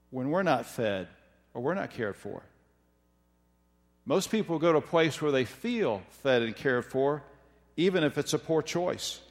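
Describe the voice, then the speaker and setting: Guy preaching a sermon, measured and emphatic, big echoey church sound. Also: mid-range voice. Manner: measured, emphatic, slows down for scripture. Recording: long hall reverb.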